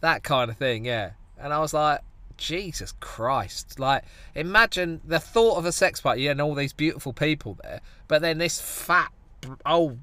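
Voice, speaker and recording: Male co-host, self-mocking, laughs a lot, very bright voice, dry close mic. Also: on the high side, animated, moderate pace, hardly any pauses, no room sound. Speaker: podcast co-host. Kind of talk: casual comedic chat.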